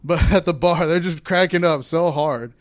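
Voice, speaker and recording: A man's voice: on the high side, normal speed. A young man casually telling a rambling, candid personal story in a podcast chat, acting out what people said.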